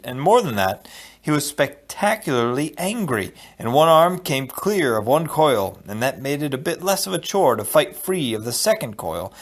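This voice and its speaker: Male audiobook narrator, expressive storytelling, middle pitch. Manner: expressive storytelling, dropping low for asides. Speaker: audiobook reader.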